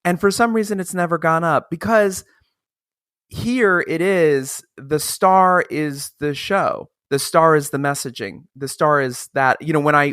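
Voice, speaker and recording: A male podcast host telling a funny story in casual chat, animated, swearing freely and laughing along. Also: a little high, dry recording, studio quality.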